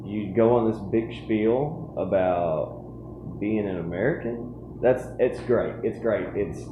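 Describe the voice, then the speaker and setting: A man hosting a comedy sketch, asking questions in a hesitant, halting way. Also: lowish voice, reverberant, phone-quality sound, background noise. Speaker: comedy show host.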